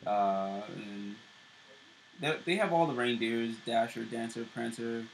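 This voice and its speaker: A man's voice: mid-range voice, steady tone, a little slow, creaky, a little hiss or hum, rough recording. A man co-hosting a show, casually recapping TV episodes with loose fillers and restarts. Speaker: show co-host.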